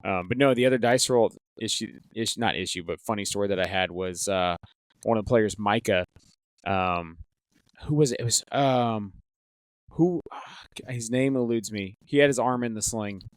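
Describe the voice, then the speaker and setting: A man's voice: fairly low pitch, moderate pace, clear, resonant tone, no echo. A man telling tournament stories in casual podcast chat, rambling with many fillers and restarts. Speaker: tournament organizer, guest. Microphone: headset.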